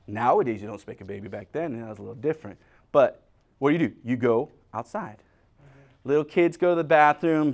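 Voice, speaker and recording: A male pastor giving a humorous, conversational sermon, acting out little scenes and talking straight to his congregation. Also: on the high side. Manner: animated storyteller, acting out scenes; talks directly to the congregation.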